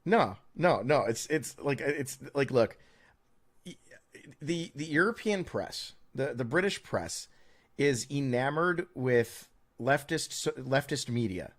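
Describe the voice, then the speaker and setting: A man's voice: mid-range voice, very animated, slow. A man co-hosting a podcast, in rambling, opinionated chat with many stammered restarts and a sarcastic edge. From United States. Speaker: podcast co-host.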